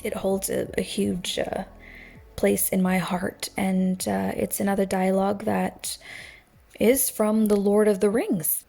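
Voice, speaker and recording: A woman hosting a solo morning show who chats with her listeners and makes fun of herself. She talks slowly, and her voice is husky with a gravelly edge. Faint music plays underneath. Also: mid-range voice, little pitch movement, mellow. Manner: chatty and self-deprecating. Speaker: host of a morning radio-style show. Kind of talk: casual solo show monologue.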